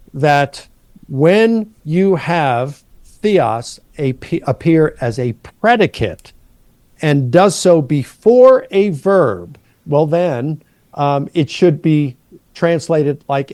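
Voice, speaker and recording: A middle-aged man, a New Testament professor, patiently explaining Greek grammar and slowing down to stress key words. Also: fairly high pitch, a little mellow, no echo.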